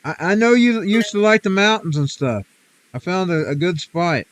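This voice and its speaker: A man's voice: high-pitched, normal speed, no room sound. A man livestreaming games and chatting casually, teasing and talking back with mock defiance. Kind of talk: casual chat while gaming.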